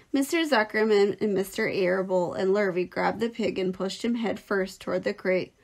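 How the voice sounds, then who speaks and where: A woman teacher reading a children's novel aloud in a clear, expressive storytelling voice. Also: mid-range voice, moderate pace, few pauses.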